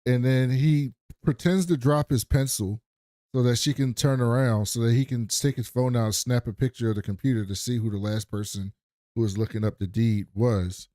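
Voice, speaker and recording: A man's voice: mid-range voice, fairly even intonation, moderate pace, warm tone, no echo, studio quality. Casual man recapping an episode. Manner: retells scenes with quoted voices, trailing and restarting. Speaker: podcast co-host.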